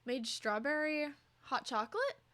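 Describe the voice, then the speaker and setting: A woman's voice: sits high, very animated, measured pace, a bit bright. A young woman streaming, chatting casually with her viewers and cooing over her cat. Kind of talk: casual chat with chat.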